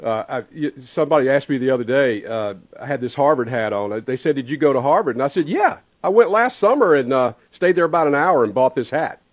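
A man's voice: mid-range voice, expressive, fast talker, few pauses. A man co-hosting a morning radio talk show, chatty and joking, laughing easily. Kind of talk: casual morning radio chat.

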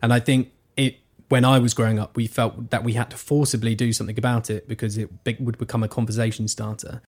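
A man's voice: mid-range voice, little pitch movement, fast talker. A man from Suffolk, England, a podcast guest, talking in a thoughtful, rambling way with many restarts. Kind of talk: casual conversation.

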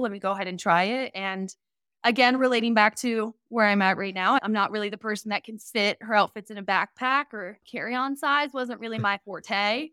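A woman's voice: medium pitch, sharp tone, clean tone, no echo, studio quality. A woman in her twenties, a guest on a podcast, chatting candidly about starting her business. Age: 20s. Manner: chatty, candid, playful banter. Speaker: guest, vacation rental business owner. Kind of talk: casual podcast interview.

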